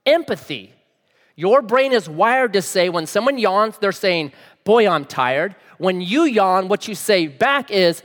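A man's voice: high-pitched, lively intonation, a little slow, fairly bright tone, big-room sound. A man preaching a sermon in a conversational way, often asking his listeners questions. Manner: conversational, asks the audience questions. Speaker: pastor.

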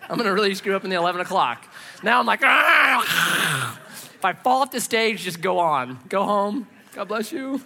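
Middle-aged guy pastor preaching, high-ish voice, jumps all over the place pitch-wise, pokes fun at himself. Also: brisk, gravelly. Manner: animated, self-mocking, acts out his own reactions. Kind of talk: sermon with personal storytelling. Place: church stage.

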